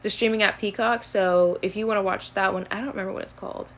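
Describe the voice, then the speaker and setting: A woman's voice: medium pitch, fairly even intonation, fast talker. A woman in her early twenties chatting casually on a live stream, rambling and easygoing, with lots of fillers as she answers questions. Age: early 20s.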